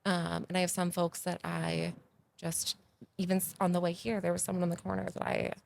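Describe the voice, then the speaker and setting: A woman, a podcast guest telling stories in a casual, animated way that grows loud and excited. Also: fairly low pitch, fairly quick, vocal fry, slight background noise. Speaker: podcast guest, agency founder. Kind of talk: casual interview storytelling.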